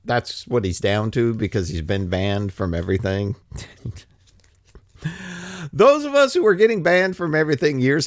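A man's voice: mid-range voice, dry recording, clean studio sound. A man giving a rambling, sarcastic political monologue who laughs often. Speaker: political commentator.

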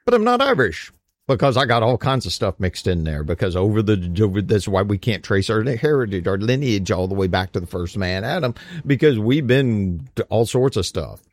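A man's voice: fairly low pitch, sing-song, normal speed, no echo. An American man giving a casual opinion monologue, emphatic and rambling, with frequent restarts. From United States.

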